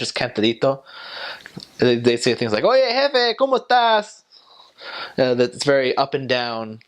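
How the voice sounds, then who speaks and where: A young man talking casually about his time as a missionary, rambling and hesitant, with many fillers and restarts. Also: mid-range voice. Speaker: returned missionary.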